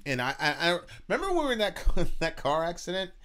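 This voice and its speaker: A man co-hosting a reaction show, telling a personal story in a halting, earnest way with repeated words and casual swearing. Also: on the high side, sing-song, pushed and bright. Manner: earnest and reflective. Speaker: podcast co-host, father.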